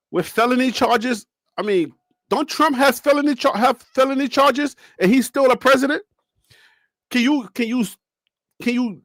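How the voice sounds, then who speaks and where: A man's voice: very high-pitched, a bit bright, dry recording, clean studio sound. A man hosting a casual sports talk show, rambling and joking as he throws rhetorical questions at his audience.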